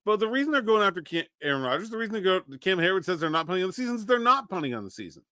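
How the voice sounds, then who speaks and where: Bright-voiced man hosting a sports podcast. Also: high-pitched, very animated, rapid-fire, clean tone, dry recording, studio quality. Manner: conversational, thinking aloud with restarts. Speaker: podcast host. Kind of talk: solo sports podcast commentary.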